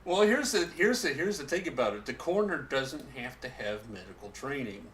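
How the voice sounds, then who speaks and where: Bright-voiced man rambling on a podcast. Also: mid-range voice, sing-song, fairly quick. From living in Oklahoma. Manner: rambling, stop-start, restarts sentences. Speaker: podcast host. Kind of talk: casual podcast chat.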